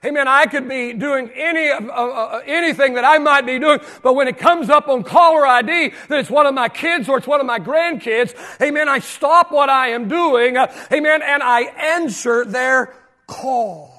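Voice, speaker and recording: This is an older man giving a sermon as a pastor; he speaks at a moderate pace in a very high-pitched voice. He repeats phrases for emphasis and shifts from shouts down to hushed remarks.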